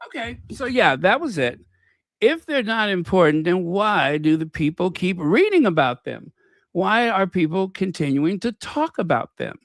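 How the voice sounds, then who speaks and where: Gravelly man hosting casual commentary. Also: high voice, very animated, a little slow, a bit bright, no room sound, clean studio sound. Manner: thinking aloud, stops to find and set up clips. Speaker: channel host.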